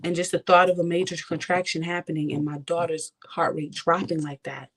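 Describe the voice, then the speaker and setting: Impassioned woman with a gravelly voice. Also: fairly low pitch, little pitch movement, fairly quick. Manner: impassioned, addresses viewers directly. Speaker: vlogger. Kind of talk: personal testimony to viewers.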